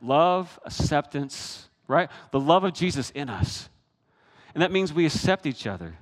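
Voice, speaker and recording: A man preaching a sermon, animated, swinging from hushed asides to loud, high bursts. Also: measured pace, long reverb tail. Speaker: pastor.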